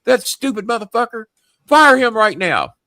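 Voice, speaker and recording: A man's voice: sits high, steady tone, rapid-fire, sharp tone, no echo, pitched above the performer's own voice. A man voicing a furious middle-aged wrestling boss who screams profane orders down the phone.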